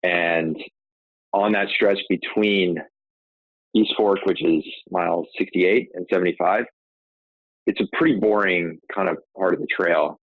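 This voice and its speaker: Deep-voiced man on a tinny line. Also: steady tone, measured pace, no echo. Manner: rambling, frequent restarts and "like" fillers. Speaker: podcast host telling his own story. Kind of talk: casual conversational storytelling. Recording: tinny phone-like line, dry.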